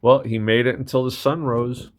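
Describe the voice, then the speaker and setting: A man reading a children's picture book aloud as a gentle grandfather storyteller. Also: medium pitch, steady tone, normal speed, a little hiss or hum.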